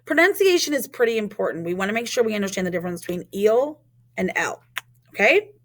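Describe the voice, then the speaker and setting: A woman teaching French in a recorded lesson, modeling words clearly and asking learners to repeat after her. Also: mid-range voice, big pitch swings, quick pace, a little hiss or hum.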